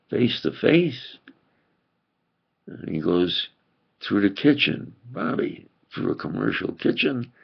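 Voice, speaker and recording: An older preacher with a thick New York accent rambles on in an insistent, emphatic monologue. His voice is heavily gravelly and husky, and he talks at a slow, deliberate pace. The recording sounds dull and lo-fi. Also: mid-range voice.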